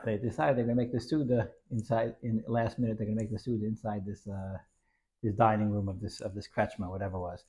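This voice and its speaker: A man's voice: on the low side, level tone, fast, mellow, breathy edge. A man telling a Hasidic story in an informal lesson, rambling with many restarts and dropping in Yiddish and Hebrew terms.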